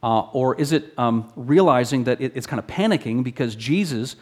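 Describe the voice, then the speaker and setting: A man preaching an expository sermon in an earnest teaching manner, often restarting phrases and rising in pitch when he reads scripture aloud. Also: animated, normal speed.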